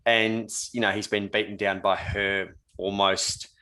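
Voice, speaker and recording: A man co-hosting a podcast as a coach, speaking in a steady, agreeable way. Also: lowish voice, measured pace. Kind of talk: casual chat.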